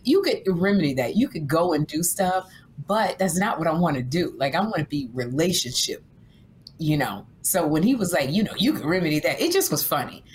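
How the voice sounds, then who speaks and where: Animated, teasing woman podcast host. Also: low-pitched, moderate pace, slight background noise. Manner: animated storyteller, teasing, laughs often. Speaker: podcast host and stand-up comedian. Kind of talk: casual podcast chat.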